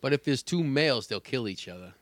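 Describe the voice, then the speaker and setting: A man co-hosting a casual chat, animated and joking, swearing freely. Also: mid-range voice, a little fast, no echo.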